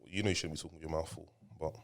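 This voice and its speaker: A man with a very low voice hosts a relaxed podcast chat as a father. He talks in a teasing, rambling way and often repeats his questions. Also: rapid-fire.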